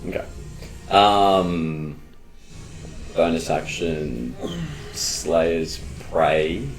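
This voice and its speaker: Very deep-voiced man playing a tabletop game. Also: very slow, gravelly, soft background music. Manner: hesitant, with frequent ums. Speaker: player. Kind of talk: casual tabletop game chat.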